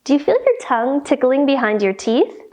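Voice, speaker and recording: A woman leading a children's storytime with yoga instruction, reading aloud in a playful, expressive way. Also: sits high. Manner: animated, playful, slow and expressive.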